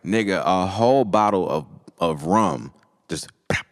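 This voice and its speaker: A man's voice: low-pitched, expressive, a little slow, vocal fry, no echo, clean studio sound. A young man, a musician, casually telling a story from his band's road trip with slang and laughter. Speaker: musician vlogger.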